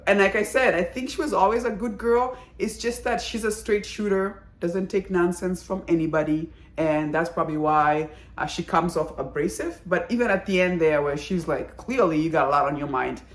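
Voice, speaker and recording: A woman giving a casual, chatty video review of a drama, talking in an animated, exclaiming way. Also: fairly low pitch, moderate pace, hardly any pauses, echoey room.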